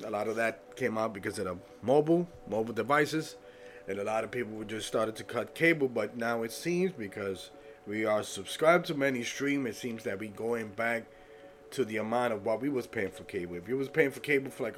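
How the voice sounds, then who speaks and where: A man with a stuffy nose hosts his podcast in loose, animated chat, tossing in jokes and sudden high whoops. His voice sits at a middle pitch, and faint music plays under it. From United States. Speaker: podcast host. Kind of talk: solo podcast talk.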